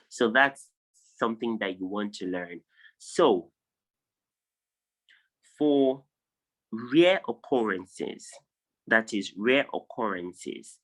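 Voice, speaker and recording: A man's voice: lowish voice, fairly bright tone, low-quality recording. A man from Nigeria teaching vowel sounds in an online lesson over a video call, drilling word lists aloud one word at a time. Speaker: English tutor.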